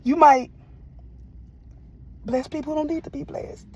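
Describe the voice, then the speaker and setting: A woman's voice: high voice, steady tone, unhurried, darkish tone, no echo. A woman reviewing a show in casual, sermon-like talk, emotional and full of church phrases. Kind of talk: casual preachy commentary.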